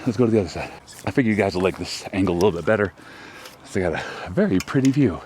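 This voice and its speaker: A man with a low-pitched, darkish voice, from Texas, US, hosts a casual outdoor vlog on a disc golf course, rambling in a chatty, self-deprecating way about his throws. The audio carries a little hiss or hum.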